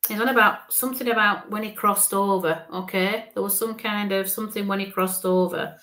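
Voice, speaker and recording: Gentle medium woman, soothing "okay?". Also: medium pitch, steady tone, brisk. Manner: gentle, reassuring, often ends phrases with "okay?". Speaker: psychic medium. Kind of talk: live psychic reading.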